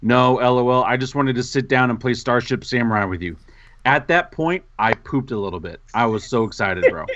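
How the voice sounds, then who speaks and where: A man co-hosts a casual gaming podcast and tells a story in a lively, self-mocking way. His voice sits mid-range and sounds close and dry, with a slightly dull, muffled tone. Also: mid-range voice, a little fast, dry recording. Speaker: podcast co-host.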